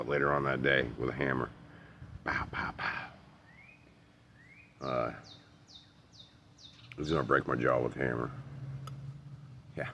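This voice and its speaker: A man's voice: rumbling low, gravelly, a bit bright, a little hiss or hum. A man telling a personal story in a rambling, profane, casual way, with many fillers and restarts. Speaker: storyteller vlogger.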